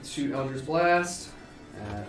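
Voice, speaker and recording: A man's voice: medium pitch, animated, slow pace, heavy reverb, distant mic, over music. A man playing a tabletop game, laid-back and a bit hesitant as he states his moves. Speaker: player. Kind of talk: casual tabletop play.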